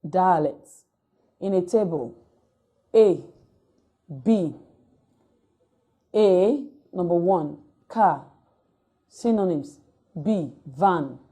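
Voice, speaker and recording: Woman lecturer, lowish dark voice, reads item by item like dictation. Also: animated. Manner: reads word lists item by item in a measured, dictating way. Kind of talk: recorded distance-learning lecture.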